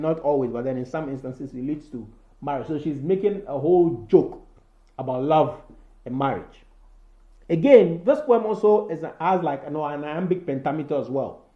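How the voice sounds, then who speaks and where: A man's voice: high voice, mellow, roomy sound, lo-fi sound. A male teacher explaining poetry form and rhyme schemes, filling his talk with "so" and "you know" and restarting words. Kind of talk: recorded poetry lesson.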